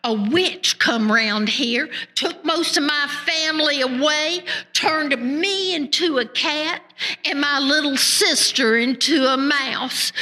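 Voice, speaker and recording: Woman storyteller doing a talking cat under a spell, folk tale, hesitant country speech, slow, bright tone. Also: high voice, heavily acted. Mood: confiding. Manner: hesitant, plain country talk. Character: enchanted talking cat, once a woman, worried.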